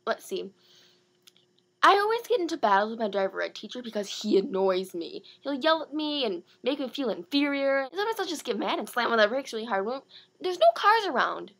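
Teen girl, casual vlog monologue, rambling and self-mocking, fairly high voice. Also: very animated, fairly bright tone. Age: late teens. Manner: rambling, self-mocking, talks in quick bursts. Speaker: vlogger.

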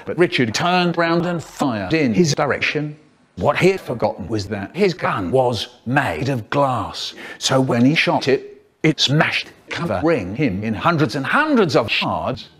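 A man telling a comic tale, acting out the people in it as he goes. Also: medium pitch. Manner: animated, acts out each line. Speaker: storyteller. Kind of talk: comic storytelling with character voices.

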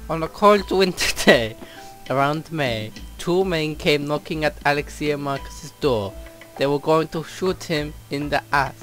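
A man's voice: fairly high pitch, unhurried, a bit bright, faint music behind. A man reading a game's story intro aloud in a put-on Swedish accent, stumbling and laughing between phrases. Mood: mock storytelling.

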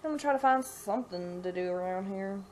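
A woman with a Southern US accent talks to her camera at home. She rambles along in casual chat, stringing thoughts together with fillers. Her voice sits at an ordinary middle pitch, with a faint hum in the background. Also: lively intonation, fast talker, darkish tone. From Mississippi, US. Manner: chatty and rambling, full of "like" and "you know". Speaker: vlogger. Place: home kitchen, indoors.

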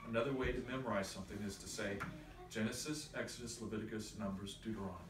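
A man's voice: on the low side, racing, noisy background. A man teaching a church confirmation class, patiently explaining and quizzing his students. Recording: echoey room from far off.

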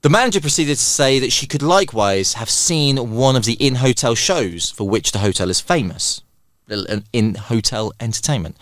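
A man as guest on a comedy podcast, reacting loudly and reading a joke aloud. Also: mid-range voice, lively intonation, moderate pace, no room sound, clean studio sound. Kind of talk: casual chat and joke reading.

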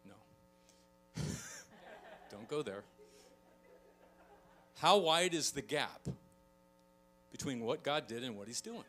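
A middle-aged man preaching a sermon as a pastor, telling stories with animated delivery and acting out quoted voices. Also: medium pitch, very slow, pauses often, soft background music. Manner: animated storytelling, acts out quoted voices, chuckles often.

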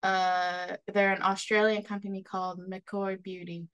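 A woman's voice: mid-range voice, little pitch movement, smooth. A woman co-hosting a podcast in casual chat, reading statements aloud and laughing along. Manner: reads statements aloud, quick laughs, agreeable. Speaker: podcast co-host.

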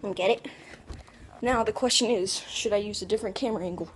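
A young woman vlogging at home, chatting excitedly to viewers as she plays. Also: medium pitch, fast. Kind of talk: casual vlog chat while playing. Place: bedroom at home. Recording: loud background noise.

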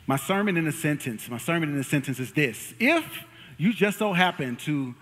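A young man preaching a sermon in a church, lively and joking as he hypes up the congregation. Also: on the high side, moderate pace. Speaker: pastor. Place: church sanctuary. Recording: long reverb of a large hall.

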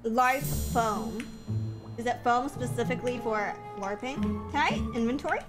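A woman's voice: fairly high pitch, unhurried. A woman streaming a game, chatting casually and playfully with viewers, giggling and putting on mock-dramatic whines. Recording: music playing behind the voice.

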